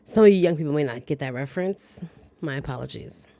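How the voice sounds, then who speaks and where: A woman's voice: deep voice, lively intonation, fast talker, vocal fry, dark tone. A woman hosting a casual movie recap, chatty, with playful asides and reactions to the story. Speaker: movie review host.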